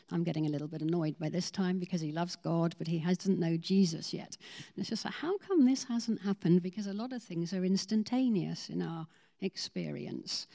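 A woman's voice: lowish voice, gravelly, warm tone. A woman telling testimony stories in a sermon, acting out the voices of the people she quotes. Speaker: ministry team leader.

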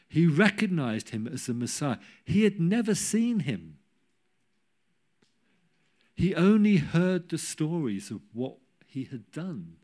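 A man preaching a sermon, telling a Bible story with humorous asides and rising to loud cries when he quotes. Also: a little high, very animated, slow, pauses often.

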